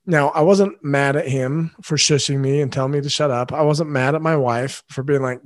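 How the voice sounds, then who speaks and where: A man's voice: a little high, normal speed, few pauses, no room sound. A man hosting a parenting podcast alone, talking earnestly and directly to his listeners. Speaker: father. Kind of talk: solo podcast monologue.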